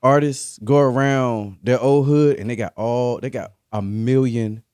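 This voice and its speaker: A man's voice: mid-range voice, fairly even intonation, measured pace, darkish tone, smooth, no room sound. A man, laid-back and chatty, giving his opinions on a podcast. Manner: laid-back, lots of agreeing asides. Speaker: podcast co-host. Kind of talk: casual podcast chat.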